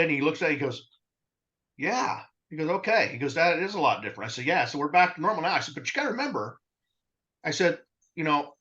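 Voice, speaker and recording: Guy spinning a work story, bright forceful voice, kinda dull lo-fi sound. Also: fairly high pitch. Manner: animated storyteller, acts out dialogue. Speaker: rug cleaning business co-host. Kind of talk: casual storytelling.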